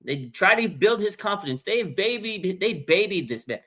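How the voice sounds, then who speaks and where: Blunt, animated man on a fan livestream. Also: high-pitched, normal speed. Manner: animated, blunt, reads viewer comments. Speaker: livestream host. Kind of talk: casual fan commentary.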